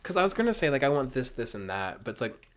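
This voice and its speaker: Tipsy streamer rambling with a lively pitch. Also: male voice, quick pace. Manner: rambling, self-mocking, jokey. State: mildly tipsy; hoarse. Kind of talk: casual gameplay commentary.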